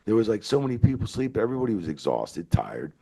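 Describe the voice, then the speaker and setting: A man in his fifties, a veteran referee, telling rambling, animated stories with plenty of swearing in a casual interview. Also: on the low side, quick pace, creaky. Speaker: veteran wrestling referee, guest.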